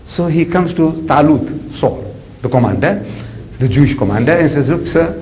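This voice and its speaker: A man giving a lively storytelling lecture as an Islamic preacher, chatty with many asides. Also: fairly high pitch, normal speed, a little hiss or hum, rough recording. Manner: animated, conversational, with frequent "you know" asides and acted voices.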